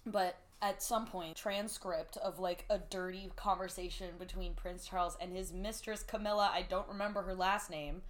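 A woman's voice: on the low side, fairly even intonation, moderate pace, few pauses. A young woman hosting a podcast in casual chat, blunt and profane, laughing often and reading messages aloud in mocking tones. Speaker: podcast host.

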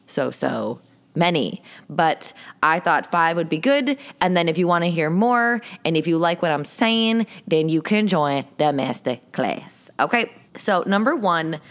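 A young adult woman hosting a solo podcast, chatting casually and coaching with an upbeat, playful tone. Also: low voice. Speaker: podcast host and sales coach.

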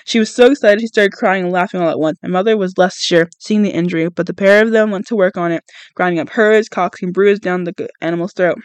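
Podcast reader, novel read aloud, self-corrections, mid pitch, dry close sound. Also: no echo. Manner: reads aloud with frequent slips and self-corrections.

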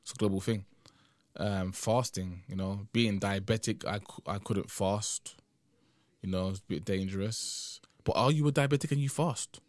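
A man's voice: lowish voice, normal speed, dry recording. A young man hosting a casual solo podcast, rambling conversationally and often adding "man", sounding tired and drowsy. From United Kingdom. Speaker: podcast host.

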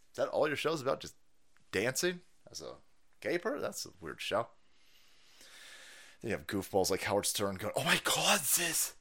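With a medium-pitched voice, this live-stream host goes on a foul-mouthed rant, now and then breaking into loud laughter and mocking impersonations.

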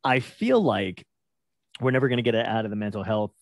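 An American man, a comedian guest on a podcast, ranting in a profane, animated way. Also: on the low side, fairly quick, gravelly, no room sound, studio quality. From United States. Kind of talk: casual podcast conversation.

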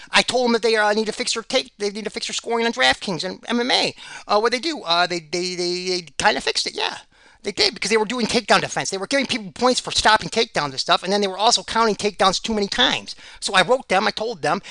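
A man's voice: high voice, gravelly, sharp tone, no echo. A man giving rambling solo commentary on fight picks, sarcastic and ranting, repeating himself.

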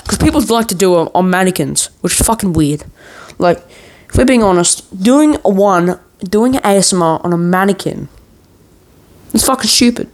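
A man's voice: high voice, lively intonation, normal speed. A man in a worked-up, profane ranting monologue, swearing nearly every sentence as a vlogger.

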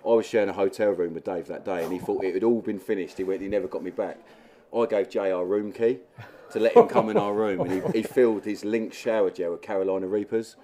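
A man's voice: fairly low pitch, expressive, quick pace, crowd noise. This is a man. He is a guest angler telling a story at a live talk, chuckling and acting out what others said. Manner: chuckling anecdotes, acting out quotes.

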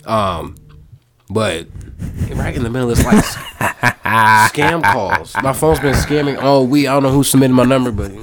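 A young man from Iowa, a guest on a podcast, talking in casual chat with halting repeated words that often trail off softly. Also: mid-range voice, noisy background.

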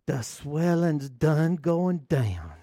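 A man voicing a devout, gentle elderly church mother with a Southern US accent, speaking slowly. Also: on the high side, sing-song, no echo, studio quality, heavily acted. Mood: earnest.

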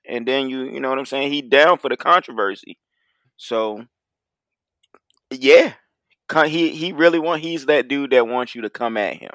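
Male podcast co-host, easygoing, bright-toned voice, dry close mic. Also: mid-range voice, creaky, dry recording. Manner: laid-back, agreeable, quick to laugh. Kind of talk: casual chat.

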